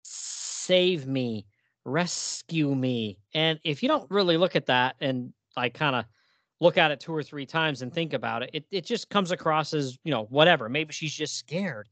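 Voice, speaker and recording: A man's voice: a little high, animated, brisk, a bit bright, no room sound. A man co-hosting a casual podcast about old horror comics, reading the dialogue aloud in playful voices. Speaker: podcast co-host. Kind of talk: casual comic book discussion.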